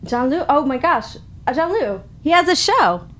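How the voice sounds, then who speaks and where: A woman hosts a casual comedic radio chat in a fairly high voice. She giggles often and mocks herself, with a slight stutter breaking into her sentences. Her banter runs bawdy and loose. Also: sing-song, moderate pace, fairly bright tone. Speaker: radio show host.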